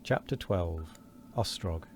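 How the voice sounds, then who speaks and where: Deep-voiced man reading aloud. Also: takes it slowly, darkish tone, a little hiss or hum. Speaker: streamer reading a book aloud.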